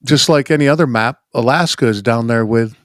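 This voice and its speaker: A man's voice: mid-range voice, a little fast, dry recording, clean studio sound. Joking, profane podcast host, a man. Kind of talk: casual podcast chat.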